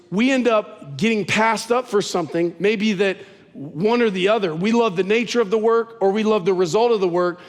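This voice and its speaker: A man's voice: sits high, big-room sound. A man preaching a sermon as pastor, talking conversationally and telling stories with animation.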